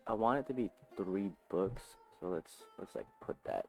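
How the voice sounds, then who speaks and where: Low-voiced guy rambling at home first thing in the morning, swears a lot, faint guitar behind. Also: sing-song, moderate pace, gravelly, mellow. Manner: rambling, scatterbrained, swears casually. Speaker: aspiring author. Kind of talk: casual morning vlog, thinking aloud. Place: home, just woken up.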